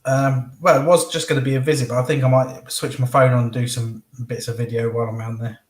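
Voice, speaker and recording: Southeast english man, guest, relaxed chat, chuckles, echoey room. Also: mid-range voice, quick pace. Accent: southeast English, drops T sounds. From southeast England. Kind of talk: casual chat.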